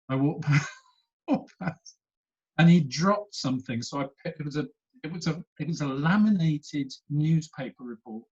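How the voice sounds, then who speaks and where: A man's voice: on the high side, darkish tone, breathy edge, highs cut off. A man telling stories animatedly as a guest, laughing often. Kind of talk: casual storytelling chat.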